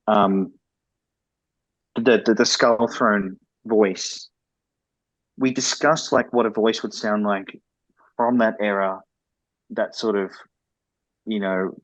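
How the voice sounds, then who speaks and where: A man's voice: on the low side, no room sound, poor audio. A man who develops video games, speaking as a guest in a podcast interview and explaining things candidly and at length.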